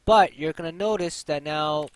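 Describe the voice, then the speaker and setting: A man's voice: fairly high pitch, normal speed, no echo, rough recording. A young man hosting a casual 3D modeling tutorial, chatty, with lots of fillers and repeated key points. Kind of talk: casual screen-recorded tutorial.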